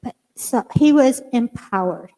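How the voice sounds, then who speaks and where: An older woman minister preaching a sermon, telling a lively personal story and acting out her own lines in a church sanctuary. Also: a little high, unhurried. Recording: long hall reverb.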